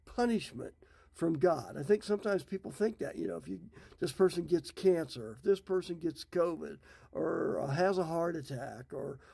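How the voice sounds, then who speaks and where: A man's voice: on the high side, expressive, normal speed, vocal fry, warm tone, breathy edge. A middle-aged man who teaches the Bible, retelling scripture stories in a folksy, casual way. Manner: folksy, retells scripture in his own words.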